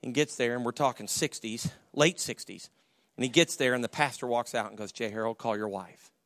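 A middle-aged man preaching a sermon, swinging from shouted, high bursts of emphasis down to hushed, quiet storytelling, often repeating and restarting his phrases. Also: a little fast, no echo, studio quality.

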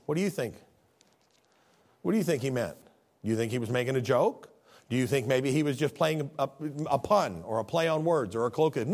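A man preaching a sermon, animated, acting out scripture scenes with voices. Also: mid-range voice, a little fast, pauses often.

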